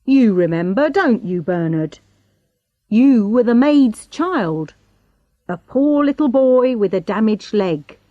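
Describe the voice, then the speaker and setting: Probing male inspector, read by a woman, pitched high, slow and lively, pointed questions in a dry close sound. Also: no echo, dull audio.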